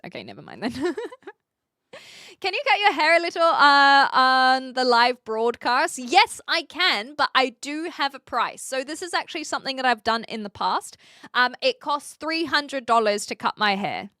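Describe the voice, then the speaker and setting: Bright-voiced New Zealand woman streamer. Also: fairly high pitch, dry recording, clean studio sound. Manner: chatty and upfront, laughs often. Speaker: live streamer. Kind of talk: casual live-stream chat answering viewers.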